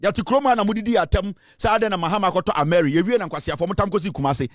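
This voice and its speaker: A man's voice: sits high, very fast, dry recording, studio quality. A Ghanaian man hosting a political talk show, delivering a boastful, taunting monologue that mixes English and Twi.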